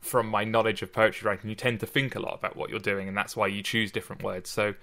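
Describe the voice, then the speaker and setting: Bright-voiced man musing aloud. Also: lowish voice, little pitch movement, gravelly. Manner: thoughtful, halting, with many restarts. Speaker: podcast host. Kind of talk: casual discussion.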